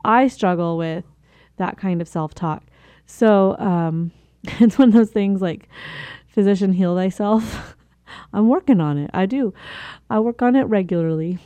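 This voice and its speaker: A woman's voice: medium pitch, unhurried, mellow, no echo. Chatty woman giving homework-style self-help advice. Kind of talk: casual motivational talk.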